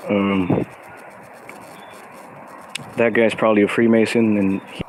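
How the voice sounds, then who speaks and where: A man's voice: on the low side, little pitch movement, slow, a little mellow, a little hiss or hum, rough recording. A man vlogging in a loose, meandering monologue, full of "like" and casual swearing.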